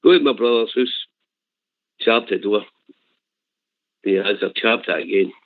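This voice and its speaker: Over a tinny, dry phone line, an older man with a Glasgow Scottish accent calls in to tell a rambling story, laughing as he goes. His voice is lowish and a little slow.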